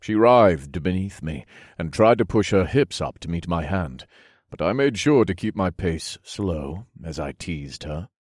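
Deep husky man narrating a story. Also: expressive, darkish tone, dry recording, clean studio sound. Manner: slow, low and intimate delivery. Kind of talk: first-person erotic fantasy story reading.

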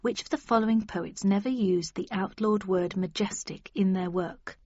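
A woman's voice: medium pitch, normal speed, a little mellow, husky, no echo. Woman narrating an audiobook, dry sound. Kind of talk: scripted first-person narration. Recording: dull, dry recording.

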